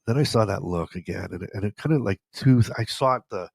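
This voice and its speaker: A man's voice: lowish voice, quick pace, gravelly, no echo. A man hosting a podcast, telling stories in a casual, joking, self-deprecating way with a stuffy nose. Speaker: podcast host. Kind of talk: casual storytelling monologue.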